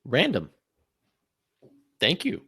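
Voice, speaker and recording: A man's voice: mid-range voice, huge pitch swings, very slow, sharp tone, husky, no room sound, clean studio sound. A man co-hosting a podcast, chatting casually, laughing often and telling stories with animation. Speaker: podcast co-host. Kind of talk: casual chat.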